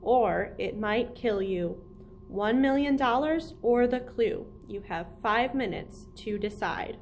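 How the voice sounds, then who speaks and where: A woman's voice: fairly high pitch, expressive, slow, slight background noise. A woman reading a formal old lawyer. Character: stern elderly male lawyer, formal, measured.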